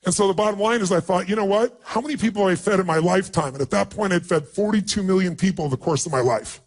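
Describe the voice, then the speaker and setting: A man's voice: sits high, fast. Emphatic male motivational speaker. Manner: emotional, emphatic storytelling with acted-out quotes. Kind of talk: personal storytelling speech.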